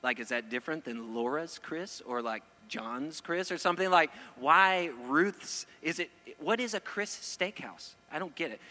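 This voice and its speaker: A man preaching a sermon to a live audience, animated and joking, often asking the crowd questions. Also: on the high side. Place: church hall before an audience. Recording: long hall reverb.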